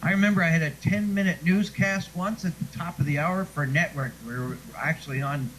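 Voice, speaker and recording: A man's voice: fairly high pitch, fairly even intonation, brisk, a bit bright, slight background noise, rough recording. A man being interviewed who once read radio news, telling chatty stories and laughing often. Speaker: guest; former radio newscaster. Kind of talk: casual chat.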